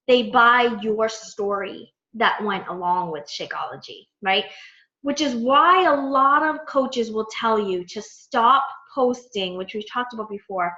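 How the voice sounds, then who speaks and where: A woman in her thirties telling a story to her coaching team in a chatty, animated way, full of quoted dialogue. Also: fairly high pitch. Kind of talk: casual storytelling talk to a team. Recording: echoey, dull lo-fi room sound.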